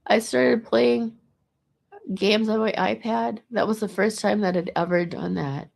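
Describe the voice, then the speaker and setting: A woman's voice: medium pitch, fairly even intonation, measured pace, vocal fry, a little mellow. A woman talking in a casual, meandering monologue to the camera, restarting and repeating words as she goes. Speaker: vlogger.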